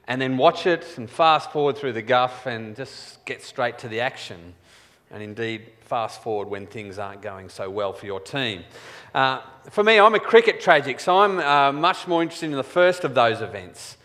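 A man's voice: medium pitch, moderate pace, a bit bright. A man preaching a sermon in a conversational, wry storytelling manner, in a church. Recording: church hall with long reverb.

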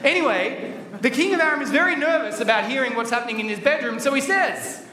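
Man, high voice, kids' Bible talk, playful storyteller; echoey hall, faint background noise. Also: lively intonation, fast, bright, forceful tone, far from the mic, some chatter behind. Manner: playful and chatty, acting out the story. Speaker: children's Bible talk presenter. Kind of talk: lively children's Bible talk.

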